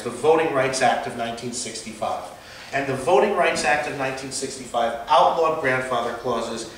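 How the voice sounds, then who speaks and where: A man's voice: mid-range voice, fairly bright tone, a little hiss or hum. A man giving an unscripted history lecture as a teacher, with many fillers and restarts. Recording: echoey room, far from mic.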